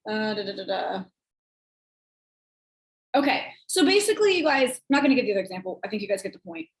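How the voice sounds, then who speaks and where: A woman and sales team leader giving casual coaching talk, chatty and rambling, acting out quoted texts in a higher voice. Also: very animated, fast, roomy sound, rough recording.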